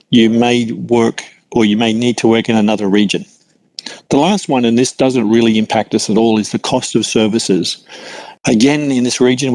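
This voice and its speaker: A man's voice: mid-range voice, a little mellow, low-quality recording. A middle-aged Australian man giving a conversational cloud computing lecture, with many fillers and restarts. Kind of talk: lecture with work anecdotes.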